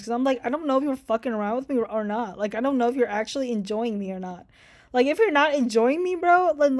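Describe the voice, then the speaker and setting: A young woman talks straight to her followers in a loose, rambling vlog. Her voice sits a little high, and she swears freely. She packs her talk with fillers, and every feeling shows plainly in her tone. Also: a little mellow. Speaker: vlogger. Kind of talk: casual unscripted monologue to camera.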